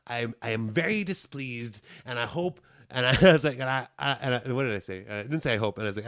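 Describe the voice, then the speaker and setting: A man telling a long story in casual chat, rambling with many restarts and getting loud and riled as he retells it. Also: medium pitch, very animated, moderate pace.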